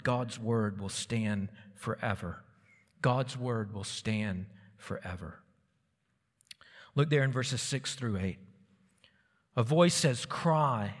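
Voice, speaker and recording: A man's voice: mid-range voice, fairly bright tone. A man preaching an earnest expository sermon, quoting scripture with emphasis. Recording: long reverb of a large hall.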